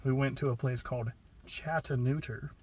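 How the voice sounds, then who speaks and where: A man chatting on a podcast, joking in a dry, deadpan way. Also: mid-range voice, normal speed, background noise. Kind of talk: casual podcast chat.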